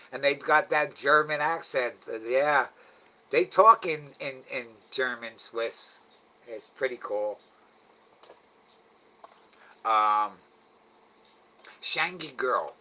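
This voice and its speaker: A middle-aged man chats slowly and loosely with his livestream viewers, chuckling and letting sentences trail off. His voice is bright and forward, though the stream audio is a bit dull and lo-fi. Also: mid-range voice. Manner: rambling, chuckling, trailing off often. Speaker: livestream host. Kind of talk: casual chat reading viewer comments. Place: home, live night cam stream.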